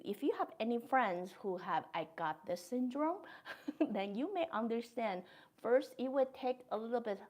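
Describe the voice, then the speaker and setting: A woman hosting her own podcast, talking through a reflective monologue in a gentle, thoughtful way, speaking English with non-native grammar. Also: a little high. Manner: gentle, thoughtful, with soft laughs. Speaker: podcast host.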